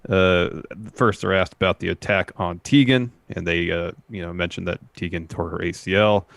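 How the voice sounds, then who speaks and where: A man's voice: sits low, fairly even intonation, normal speed, creaky, fairly bright tone, no echo. A man co-hosting a wrestling podcast, recapping segments and paraphrasing what was said, with many "uh"s. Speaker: podcast co-host.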